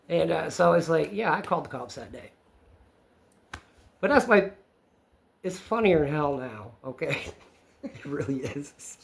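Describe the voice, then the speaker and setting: A man with a Maine accent telling a story in casual chat, loud and excitable, swearing freely. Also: on the high side, creaky. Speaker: witness telling his story.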